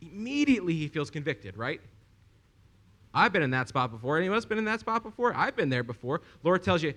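A young man preaching a sermon, telling a story with lively asides and rhetorical questions to the congregation. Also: on the high side, fairly quick.

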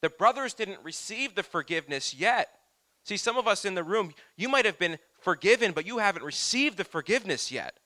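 Pastor guy preaching to his church, bright punchy voice, keeps repeating lines and asking amen. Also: high-pitched, animated, a little fast. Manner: preaching with call-and-response "Amen?" and repetition. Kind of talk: sermon.

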